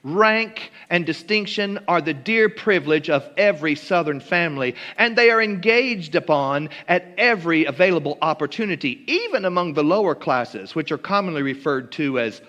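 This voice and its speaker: A man's voice: fairly high pitch, animated, normal speed, few pauses, fairly bright tone, in a large hall, muffled recording. A man from Kentucky giving a humorous storytelling talk with dry, mock-genteel wit and ornate wording. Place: church hall.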